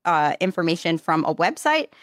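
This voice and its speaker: A woman with a New York accent, co-hosting a podcast in casual, animated chat, self-described as audacious and bold. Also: on the low side, moderate pace, dry recording, studio quality. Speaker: podcast co-host.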